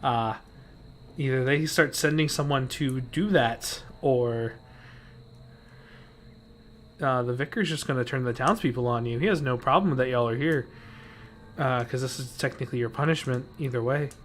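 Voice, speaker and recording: A man's voice: mid-range voice, moderate pace, pauses often, a little hiss or hum. A young man running a streamed tabletop game as game master, laughing often and teasing his players between stretches of casual narration.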